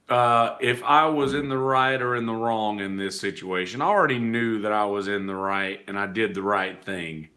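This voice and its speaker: Guy rambling thru his podcast, cussing a lot, bright edgy voice. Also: lowish voice. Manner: candid, rambling storytelling with frequent profanity. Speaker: podcast host; working musician. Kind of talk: casual monologue.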